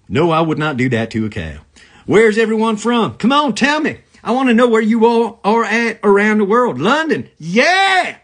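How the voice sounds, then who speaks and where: Husky, lively man doing live-stream banter. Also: mid-range voice. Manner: rambling, joking, greets viewers. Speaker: comedian hosting a live stream.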